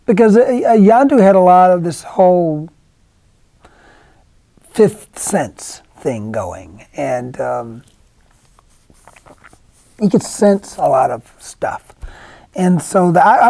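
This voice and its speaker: A middle-aged man with a gravelly, fry-laden voice and a dark, mellow tone tells stories in a casual interview. He rambles and restarts often, slipping into quoted voices. The sound is dry and close. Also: high-pitched, no echo. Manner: rambling storyteller, many restarts, acts out quotes. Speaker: actor guest. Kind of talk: casual anecdotal interview talk.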